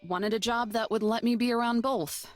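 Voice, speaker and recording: A man voicing a dry, tired young woman park ranger in a visual novel read-aloud, with a flat, level-headed way of talking. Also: very high-pitched, moderate pace, soft background music, pitched above the performer's own voice. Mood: wry.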